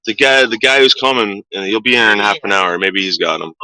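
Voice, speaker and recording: A man's voice: on the low side, a little fast, bright, forceful tone, no echo, poor audio. A middle-aged man ranting casually to his viewers, swearing a lot and stumbling over repeated words. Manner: profane, stammering repeats. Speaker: vlogger. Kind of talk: casual rant.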